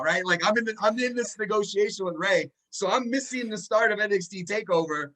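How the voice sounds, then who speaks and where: High-voiced man telling an animated story. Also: a little fast, rough recording. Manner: animated, acts out the voices of people in his story. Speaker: guest. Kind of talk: storytelling in a casual podcast interview.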